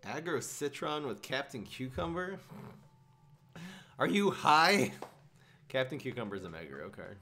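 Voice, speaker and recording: Man, playful card game streamer, swoopy lively pitch, slow unhurried delivery. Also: a little hiss or hum. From Minnesota, USA. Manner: playful, jokey, talks to viewers, frequent laughs. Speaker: gaming streamer. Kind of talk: casual gameplay commentary.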